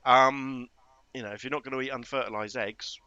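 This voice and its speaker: A man's voice: mid-range voice, steady tone, brisk, pushed and bright, clean tone, no room sound, lo-fi sound. A British man co-hosting a podcast, chatting with enthusiasm and rambling restarts. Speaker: podcast co-host. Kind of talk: casual film review chat.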